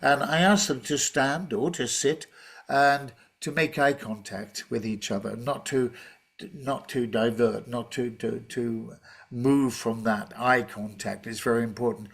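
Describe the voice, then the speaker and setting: A man running an online teaching workshop over a video call, easygoing and chatty. His voice sits at an ordinary middle pitch, and he often stops to restart a sentence with "uh" and "um". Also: a little slow, vocal fry. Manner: relaxed, chatty, with many fillers and restarts. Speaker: teacher trainer presenting a webinar.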